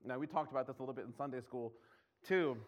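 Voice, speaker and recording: A man's voice: medium pitch, fast talker. A man preaching a conversational sermon, often laughing and acting out scripture lines in his own voice.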